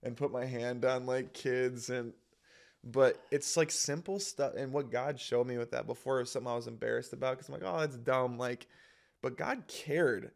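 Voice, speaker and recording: Casting: young man, monotone delivery with vocal fry, rambling anecdote. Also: medium pitch, normal speed. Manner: rambling, self-conscious, lots of fillers and acted quotes. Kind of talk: casual storytelling.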